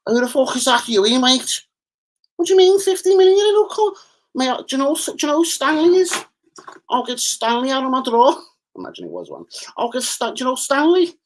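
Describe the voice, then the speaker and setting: A hot-headed Scouse hard man on a livestream, his voice pushed far higher than normal and cracking with menace. He rants, swears and makes threats, and sometimes pulls away from the mic. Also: huge pitch swings, a little fast, heavily acted. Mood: threatening. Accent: Scouse, put on. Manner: threatening, ranting, heavy swearing. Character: menacing Liverpool hard man, adult male, hot-tempered.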